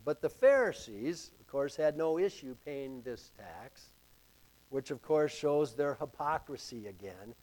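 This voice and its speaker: A man preaching a sermon to a congregation, slow and emphatic, with dramatic rises in pitch and volume. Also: animated, a little mellow. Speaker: pastor.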